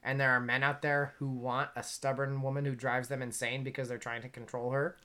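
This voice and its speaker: A woman co-hosting a casual podcast, making sardonic comments and quick interjections. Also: very deep voice, level tone, fairly bright tone. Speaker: podcast co-host. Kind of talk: casual chat.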